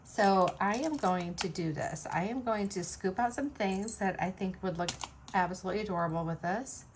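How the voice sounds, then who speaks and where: At home making beaded jewelry, a woman vlogger chats and rambles with lots of fillers. Her voice sits in the mid-range at a normal speed, with slight background noise.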